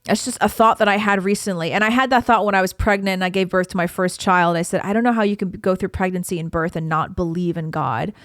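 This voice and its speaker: A woman's voice: lowish voice, steady tone, fast talker, few pauses, no echo, studio quality. A young woman hosting a solo podcast, talking in an earnest, encouraging, conversational way while pregnant. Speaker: podcast host. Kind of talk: casual solo podcast talk.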